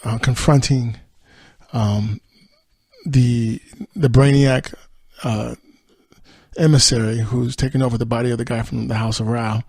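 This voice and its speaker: A man talks through a TV episode as a podcast host, chatty and loose, full of "you know"s. His voice is gravelly and a bit husky. The sound is dry and close. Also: medium pitch, steady tone, unhurried, long pauses, darkish tone, dry recording. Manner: chatty, many fillers, quotes characters in his own voice. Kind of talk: casual episode recap.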